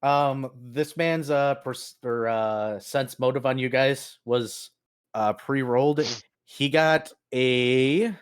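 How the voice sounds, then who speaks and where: A man narrating as game master of a tabletop game in a relaxed manner, laughing often. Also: medium pitch, takes it slowly, clean tone.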